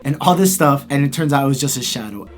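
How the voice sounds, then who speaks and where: Animated man recapping a film, music behind. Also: medium pitch, fast. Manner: expressive, animated storytelling with restarts. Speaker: YouTube host. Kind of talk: casual movie commentary.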